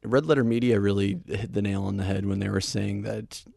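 Low gravelly guy shooting the breeze, chill, laughs a lot, dry close sound. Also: steady tone, fairly quick, darkish tone. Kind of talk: casual chat.

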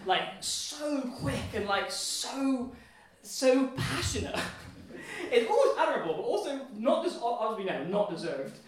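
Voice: medium pitch, sing-song, unhurried. A host of a live storytelling night, chatty, sympathetic and giggly. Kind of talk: live hosting banter. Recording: echoey room, distant mic, audience noise. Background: audience applause and laughter.

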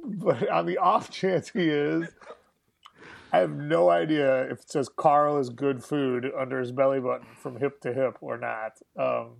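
A man's voice: mid-range voice, fairly even intonation, unhurried, creaky. A young man telling a story in a casual chat, laughing often and swearing as he acts out what others said. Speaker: guest musician.

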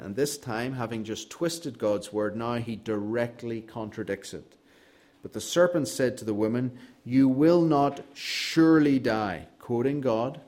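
A man's voice: mid-range voice, darkish tone. A man preaching an expository sermon, earnest and emphatic, with a dry sense of humor.

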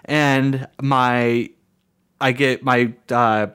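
A man spins a story in easy, casual chat, jumping into the voices of the people he quotes. His talk is loose and full of "like", and his voice sits at an ordinary middle pitch. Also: extremely slow, clear, resonant tone. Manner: animated, acts out quoted dialogue, lots of "like" fillers, laughs between lines. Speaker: podcast co-host and streamer.

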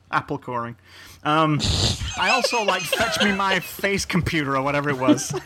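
A man's voice: on the high side, lively intonation, normal speed, heavy background noise. A man co-hosting a casual gaming podcast, swearing freely, laughing often and rambling through his thoughts. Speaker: podcast co-host. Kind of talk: casual chat.

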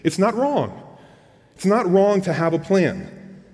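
A man's voice: high-pitched, animated, slow, a little mellow, big-room sound. A man preaching a sermon in a casual, conversational way, often repeating words and asking the congregation questions. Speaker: pastor.

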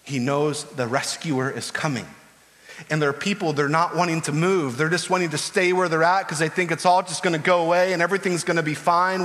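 A man delivering a sermon from the pulpit, earnest and pressing harder as he goes. His voice sits slightly high for a man. A long reverb from the church hall trails after each phrase. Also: brisk, fairly bright tone. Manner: earnest, builds to urgent pleading. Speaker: pastor.

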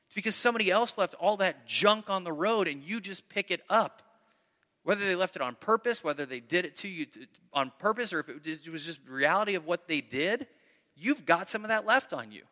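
Pastor guy preaching, bright voice, goes loud then real soft, long hall echo. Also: high voice, lively intonation, a little fast. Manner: earnest, swings between loud emphasis and soft near-whisper asides. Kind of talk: sermon.

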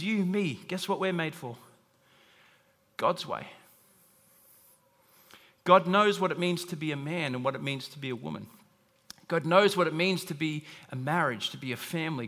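A man preaching a sermon, animated and acting out little voices when he quotes people. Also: fairly high pitch. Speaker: pastor. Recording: long hall reverb.

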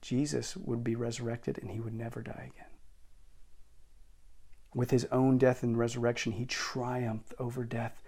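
A man's voice: medium pitch, level tone, moderate pace, gravelly. Emphatic male pastor preaching. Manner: emphatic, moving between intense and quiet. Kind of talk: sermon.

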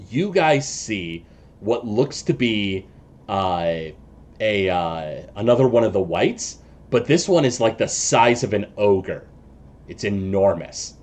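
Halting low-voiced male game master. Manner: loose and halting, with many fillers while describing scenes. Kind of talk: narrating a tabletop game.

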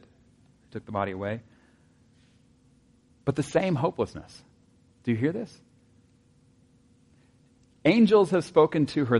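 This medium-pitched male pastor delivers his sermon in a conversational style. He asks the congregation rhetorical questions and slips into quiet asides.

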